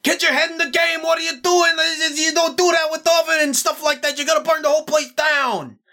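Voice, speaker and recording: A woman voicing a frantic middle-aged father who runs a tavern, talking fast and pleading with his son. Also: high voice, fairly even intonation, vocal fry, pushed and bright, voice pushed up, exaggerated voice. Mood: scolding. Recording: faint music behind.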